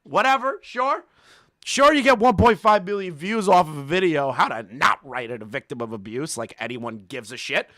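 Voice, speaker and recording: A man's voice: a little high, animated, fairly quick, few pauses, bright, forceful tone, dry recording, clean studio sound. A man hosting a commentary channel, ranting in a profane, mocking way and laughing between jabs.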